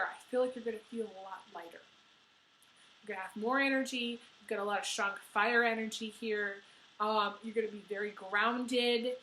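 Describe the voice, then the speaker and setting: A woman's voice: on the high side, a bit bright, reverberant, slight background noise, rough recording. A woman reading tarot cards for viewers, emotional and teary, with many fillers and restarts. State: crying. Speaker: tarot reader.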